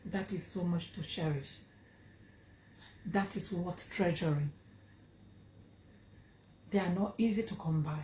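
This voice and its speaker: Speaking with a Nigerian accent, a woman vlogger tells her audience a personal story in an earnest, emphatic way, repeating phrases to stress them. Her voice is medium-pitched and the sound is reverberant.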